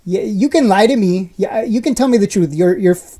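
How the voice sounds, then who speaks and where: A woman's voice: mid-range voice, fairly quick, warm tone. A woman in her thirties hosting a casual live stream, teasing her chat with profane, joking rants and frequent laughter. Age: 30s. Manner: laughs often between lines. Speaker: livestream host reading chat.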